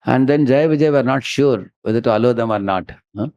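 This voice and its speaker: A man with an Indian English accent gives a devotional lecture, telling stories in an animated way and prompting listeners with "huh?". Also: mid-range voice, a little fast, dry recording, highs cut off. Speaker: spiritual teacher giving a lecture. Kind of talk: devotional sermon with storytelling.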